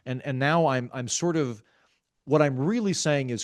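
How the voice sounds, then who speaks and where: A man, a guest author in a podcast interview, explaining ideas in a wry, self-aware, calm and measured way. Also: medium pitch, no room sound, studio quality. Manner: talks calmly, measured.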